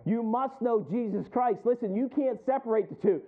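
A man's voice: very high voice, normal speed. A male pastor preaching a sermon, rising in emphasis and calling out to the congregation for responses. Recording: tinny phone-like sound.

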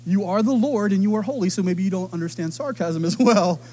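High-voiced animated preaching man. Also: fairly quick. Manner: animated storytelling, acting out voices. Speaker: pastor. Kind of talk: sermon.

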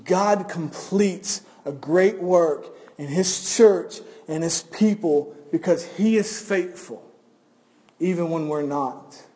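High-voiced pastor, earnest sermon. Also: male voice, slow, dark tone. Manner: earnest, repeats words when starting phrases. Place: church service.

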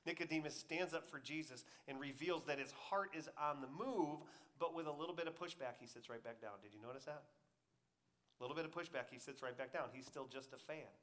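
A man preaching a sermon, swinging between loud emphatic peaks and quiet, intimate asides, and acting out quoted voices in a conversational way. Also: a little high, fairly quick. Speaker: pastor.

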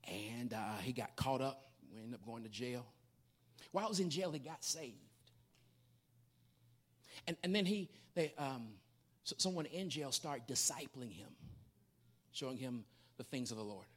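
A preacher in their forties giving a sermon, repeating words and building from quiet talk to shouting hoops. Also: medium pitch, measured pace, long pauses. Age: 40s. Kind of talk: sermon with hooping.

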